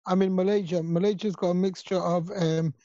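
A co-host on a live stream who fires quick questions and cuts in on the others. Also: mid-range voice, fairly even intonation, warm tone. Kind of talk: casual chat on a stream. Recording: dry, dull lo-fi audio.

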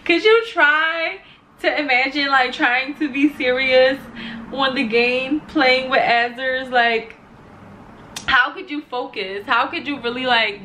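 A woman's voice: high voice, takes it slowly, sharp tone, a little hiss or hum. A young woman reacting to a video with amused, chatty commentary. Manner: amused, chatty, repeats herself.

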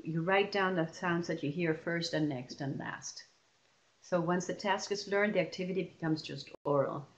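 A woman leading a lesson for teachers, explaining patiently and stretching example words out slowly. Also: on the low side. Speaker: teacher trainer.

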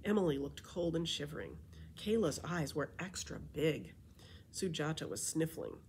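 Low-voiced, animated storybook reader woman. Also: normal speed, a little hiss or hum. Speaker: children's librarian. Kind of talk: storybook read-aloud.

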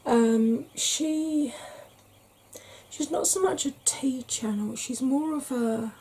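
Husky, breathy Welsh woman in soft-spoken ASMR chat. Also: high-pitched, takes it slowly. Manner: rambling, frank, chatty with fillers. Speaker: ASMR vlogger.

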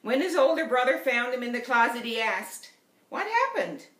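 A woman's voice: fairly high pitch, a little fast, fairly bright tone. A woman with a Newfoundland accent, delivering an earnest sermon as a lay preacher and telling a story to the congregation. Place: church. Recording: roomy church echo.

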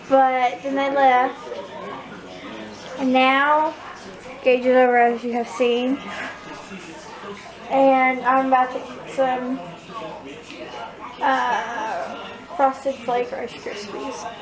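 A teenage girl vlogging casually from home late at night, tired and rambling with soft trailing asides. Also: high voice, flat delivery, drawn-out words, long pauses. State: exhausted.

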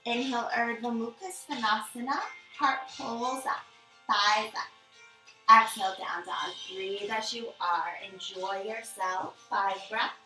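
A woman leading a power yoga class, giving calm, encouraging step-by-step cues. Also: a little high, slow pace. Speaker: yoga instructor. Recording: echoey room, mic at a distance, music behind.

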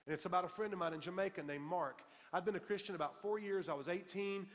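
A man preaching to a congregation, his voice sitting a little high and carrying a long tail of reverb through the church hall. He tells stories with emphasis and repeats his key lines for weight. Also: fast talker. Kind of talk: sermon. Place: church sanctuary.

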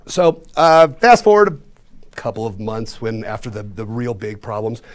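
A man in his forties from Colorado, telling a comic story on stage in a studio, animated and self-mocking, with sudden swings between loud and hushed. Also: fairly low pitch, normal speed. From Colorado, USA. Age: 40s. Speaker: storyteller and magician. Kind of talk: comedic storytelling performance. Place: studio before a live audience.

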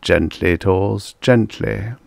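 A man voicing a calm, cunning emperor in an audiobook, speaking evenly and quietly, with a mocking edge. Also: lowish voice, slow, vocal fry, no echo, exaggerated voice.

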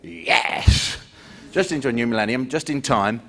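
A British stand-up comedian telling rambling, conversational stories onstage. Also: male voice, mid-range voice, fast talker, fairly bright tone. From Britain. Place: live comedy venue. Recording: live show with background noise.

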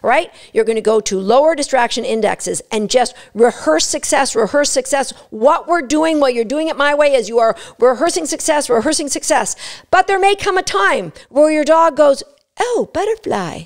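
A woman explaining dog training step by step in an energetic, instructive way. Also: high-pitched, moderate pace, few pauses. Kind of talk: instructional talk.

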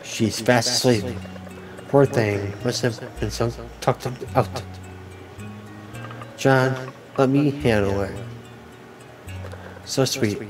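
A man reading video game dialogue aloud as a let's player, with a halting delivery and frequent restarts. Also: medium pitch, over music, rough recording.

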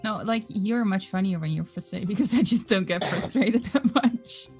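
A woman's voice: medium pitch, moderate pace, a little mellow, husky, soft background music. A young adult woman playing as a guest in casual gameplay banter, giggling often. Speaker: guest co-player.

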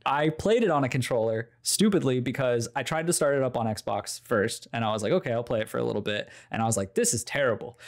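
Young male podcast co-host, animated, expressive pitch, casual and profane. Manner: animated, swearing, acts out game characters in quick put-on voices.

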